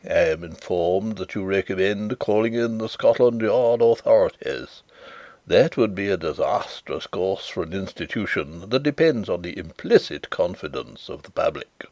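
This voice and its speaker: A man's voice: low-pitched, animated, normal speed, darkish tone, no room sound, pitched below the performer's own voice. A man voicing a whispery old company director. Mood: worried. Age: older. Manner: whispering, confiding, pained. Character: elderly male company director, amiably helpless.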